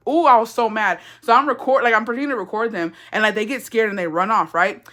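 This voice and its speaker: A woman's voice: medium pitch, quick pace, few pauses. A woman telling a long, profane story to her viewers in casual storytelling style, talking to them directly. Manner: profane, animated, addresses chat as y'all.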